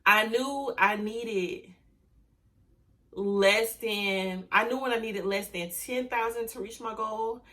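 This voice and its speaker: A woman running an online business, talking to camera casually, heartfelt and grateful, emotional and close to tears, speaking warmly to her viewers. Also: on the high side, takes it slowly. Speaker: online business owner and YouTuber.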